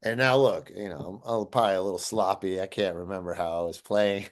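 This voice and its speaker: A man co-hosting a podcast, telling a story in casual chat and loudly acting out the quotes he tells. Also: fairly quick. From Cleveland area. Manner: animated, acts out quotes in a loud high voice. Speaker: podcast co-host.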